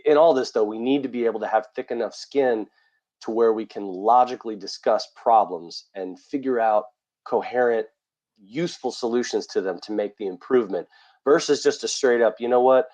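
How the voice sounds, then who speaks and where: A man's voice: on the low side, moderate pace, a little mellow. A man co-hosting a podcast, talking casually and bluntly, with some swearing. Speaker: podcast co-host.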